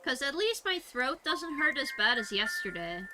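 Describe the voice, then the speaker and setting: A young woman streamer chatting casually and reading her live chat aloud, animated and giggly. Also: sits high, moderate pace. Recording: music playing behind.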